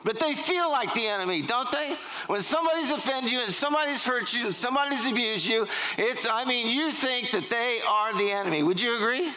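Bright-voiced pastor preaching. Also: male voice, extremely high pitch, expressive, a little fast, low-quality recording. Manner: joking, storytelling, quizzing the congregation. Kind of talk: sermon. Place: church sanctuary.

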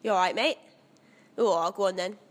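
A woman voicing a brash young female market trader with a mock Cockney London accent, loud and jokey. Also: medium pitch, normal speed, close to an everyday voice. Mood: cheeky.

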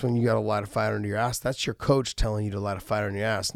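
A middle-aged podcast host and former fighter talks casually in a low, gravelly voice with a steady tone. He's earnest and halting, often restarting sentences, and the sound is close and dry with no room echo.

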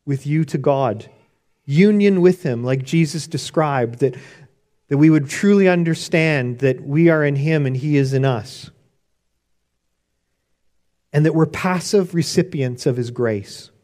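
A man's voice: fairly high pitch, a little mellow. A man preaching a sermon on prayer in an earnest, conversational way, often restarting his sentences. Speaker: pastor.

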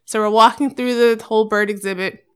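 A woman's voice: on the high side, steady tone, a little fast, clear, resonant tone. A young adult woman, a podcast guest, chatting casually and telling stories animatedly, acting out what people said. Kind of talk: casual chat.

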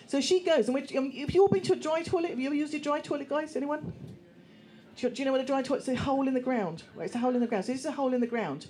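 A woman telling a personal story to a live audience, lively and acting out voices of other people. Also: sits high, rapid-fire, slightly rough. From England. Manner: animated, acts out voices, laughs through the telling. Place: small venue room with an audience.

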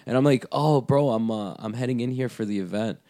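A young man co-hosting a casual chat, telling lively stories, acting out what people said, and swearing freely. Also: lowish voice, quick pace, dry recording, clean studio sound. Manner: animated storyteller, acts out quotes, swears casually. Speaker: podcast co-host.

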